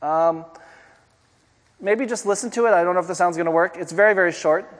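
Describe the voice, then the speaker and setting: A man's voice: high-pitched, a little fast. A man preaching a sermon in a conversational way, often asking the congregation rhetorical questions. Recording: long hall reverb.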